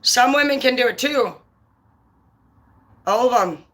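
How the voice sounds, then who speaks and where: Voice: medium pitch, expressive, unhurried, pushed and bright. A tarot reader on a casual live stream who swears constantly and talks in a blunt, heated rant. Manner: profane, heated and ranting; blunt and confrontational.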